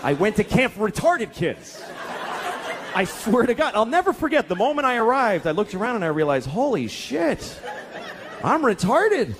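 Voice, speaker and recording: Exasperated middle-aged guy doing stand-up, high voice that swings all over, live crowd laughing. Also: sing-song, brisk, noisy background. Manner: ranting, exasperated, profane. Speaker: stand-up comedian. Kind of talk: stand-up comedy set. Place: theater stage before a laughing audience.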